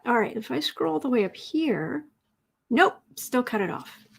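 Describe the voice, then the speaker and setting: A woman hosting a daily live stream of tarot readings, chatting casually and rambling with lots of fillers and self-corrections, and muttering softly to herself while she scrolls through the chat. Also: fairly high pitch, very animated, normal speed, vocal fry, husky. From Chicago area.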